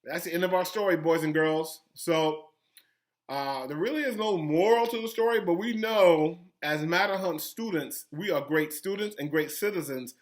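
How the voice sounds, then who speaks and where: A man, a school principal, reading a children's story aloud with animated, gasping, teacherly asides to young pupils. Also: on the high side, normal speed.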